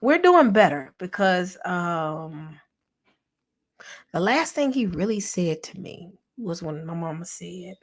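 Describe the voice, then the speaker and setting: A woman with a slightly low voice talks straight to her viewers in a relaxed livestream. She speaks softly and thoughtfully, answers comments from the chat, and at times drops almost to a whisper. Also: slow. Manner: soft and reflective, sometimes drops to a whisper. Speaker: vlogger and channel host. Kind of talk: casual heartfelt livestream chat.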